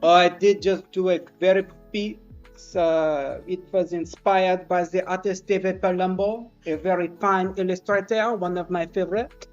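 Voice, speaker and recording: A woman's voice: fairly low pitch, steady tone, normal speed, a little mellow, natural voice. A woman voicing a pompous French woman artist and cook with a put-on French accent, in improvised comedic role-play. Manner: grandiose, self-important, dry. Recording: dull lo-fi stream audio, faint music.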